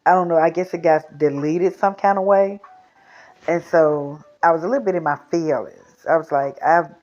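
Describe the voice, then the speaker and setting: A woman's voice: sits low, a little mellow. A woman hosting a children's storytime show, chatting casually and rambling before reading aloud. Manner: chatty, rambling, repeats herself. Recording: dull lo-fi recording.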